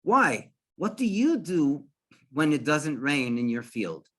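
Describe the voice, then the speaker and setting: A man voicing a calm, learned town rabbi who answers matter-of-factly. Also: on the high side, slow, exaggerated voice.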